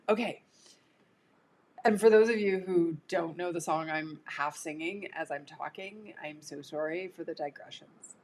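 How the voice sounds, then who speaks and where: A woman's voice: lowish voice, a little slow, a little mellow, a little hiss or hum. A woman coach talking casually on a live stream, chatty and prone to digressions. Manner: chatty, digressive, laughs easily. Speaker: career coach.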